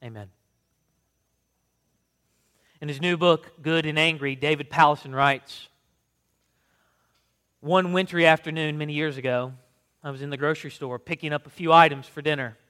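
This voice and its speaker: A man, a pastor, reading scripture and praying in an earnest, measured way, then reading from a book. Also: on the high side, fairly even intonation, pushed and bright, smooth, in a large hall. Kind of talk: sermon reading.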